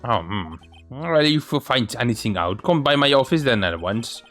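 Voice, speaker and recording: A man's voice: medium pitch, animated, normal speed, fairly bright tone, soft background music, lightly acted. A man voicing a pompous, chuckling old lawyer in a game.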